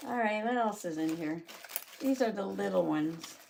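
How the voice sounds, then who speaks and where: Female craft vlog host, casual and giggly, addresses her viewers by name, average pitch, light background hiss. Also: normal speed, creaky, a little mellow. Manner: chatty, laughs often, talks to viewers by name. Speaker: journaling channel host. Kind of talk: casual live crafting chat.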